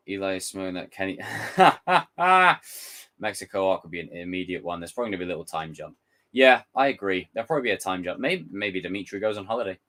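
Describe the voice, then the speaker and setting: A man's voice: deep voice, pushed and bright. A man hosting a casual live stream, ranting and swearing freely, mimicking others in exaggerated voices. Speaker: YouTube host reacting to a trailer. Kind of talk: casual livestream chat.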